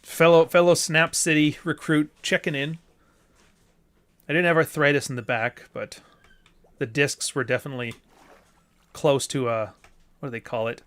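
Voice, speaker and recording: A man's voice: fairly high pitch, little pitch movement, fairly bright tone, clear, resonant tone. A man hosting a live stream, chatting casually with a guest, cursing freely and joking. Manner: profane, joking, quick asides. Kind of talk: casual chat.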